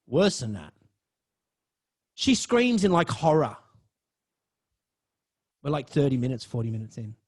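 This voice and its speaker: A man's voice: mid-range voice, very animated, measured pace, pauses often, husky. A man, a podcast host telling a personal story in a dramatic way and swearing freely.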